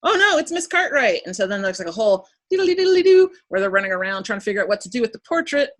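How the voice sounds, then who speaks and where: A woman's voice: mid-range voice, rapid-fire. A woman hosting a podcast, recapping an episode in casual chat, laughing often and acting out lines as she goes. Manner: animated retelling, acts out quoted lines, laughs often. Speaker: podcast host.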